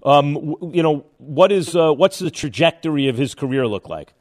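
A man hosting a sports radio show, interviewing a guest and thinking out loud with restarts as he probes. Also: a little high, animated, moderate pace. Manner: probing, thinks aloud with restarts.

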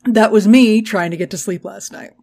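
Woman co-host, casual podcast banter, quick jokes, frequent laughter. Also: mid-range voice, mellow. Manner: laughs often, quick and joking. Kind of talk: casual chat.

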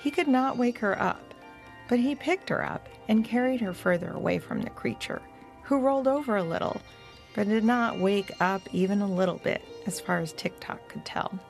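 A woman hosting and narrating a children's story podcast in a gentle, deliberate way. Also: medium pitch, lively intonation, vocal fry, faint music behind. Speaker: storyteller host.

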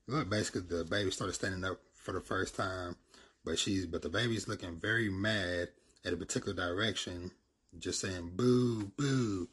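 A man's voice: low-pitched, fairly even intonation, moderate pace, pushed and bright, breathy edge. A man casually retelling a comic's plot in a rambling, filler-heavy way.

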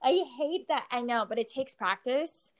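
Laughing, animated woman telling stories. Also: high voice, normal speed. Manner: animated, laughs often, filler-heavy storytelling. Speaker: podcast co-host. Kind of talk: casual chat.

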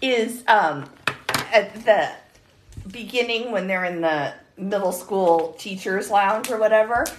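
A woman co-hosting a podcast, chatting in an animated way and chiming in with quick add-ons. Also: medium pitch, a little hiss or hum, rough recording. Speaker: podcast co-host. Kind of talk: casual chat.

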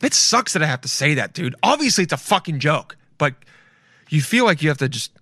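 A man's voice: a little high, sing-song, a little fast, bright, forceful tone, slightly rough, no echo. Joking young man, dry close voice. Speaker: commentary host. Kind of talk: casual reaction commentary.

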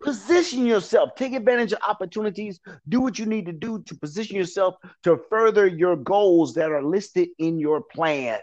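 A man's voice: high voice, moderate pace, few pauses. A man giving motivational advice as an interview guest, earnest and repetitive, preaching with frequent laughs.

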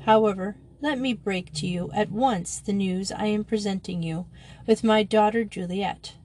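A woman's voice: medium pitch, a little mellow, slight background noise, lightly acted. A woman reading aloud a stiff, formal letter from a cold father abandoning his daughter.

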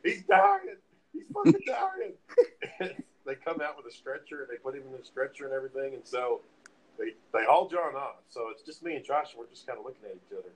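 Man, casual storytelling, swears a lot, acts out quotes, mid pitch, faint background noise. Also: quick pace, rough recording. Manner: profane, animated retelling with acted-out quotes. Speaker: storyteller among friends.

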